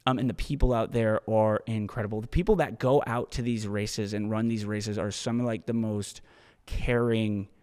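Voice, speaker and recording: A man's voice: fairly low pitch, steady tone, moderate pace, darkish tone, smooth, big-room sound. A man hosting a solo podcast, talking in a loose, rambling way and swearing freely. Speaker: podcast host.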